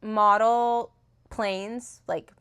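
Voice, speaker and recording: A woman's voice: mid-range voice, fairly even intonation, drawn-out words, fairly bright tone, clear, resonant tone. A young woman in casual, rambling chat, retelling a novel's plot with lots of fillers and restarts, recorded on a phone. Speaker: book reviewer. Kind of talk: casual book review chat.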